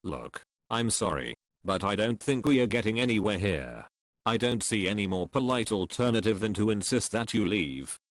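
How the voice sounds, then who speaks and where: A man reading online comments aloud in a slow, dry delivery. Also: on the low side.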